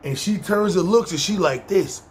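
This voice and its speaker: A man with a high voice speaks at normal speed, with a faint hiss or hum behind him. He's a New York podcast storyteller with a New York accent, rambling casually through a long story, swearing freely and performing what people said.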